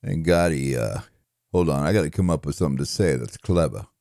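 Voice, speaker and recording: A man's voice: very deep voice, lively intonation, mellow, no echo, clean studio sound, voice pushed down. A man doing a mumbling, dim-witted boxer. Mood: rambling. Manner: slurred, rambling, halting, self-mocking. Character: mumbling dim-witted middle-aged male boxer, gentle. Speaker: impressionist. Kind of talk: comedic impression monologue.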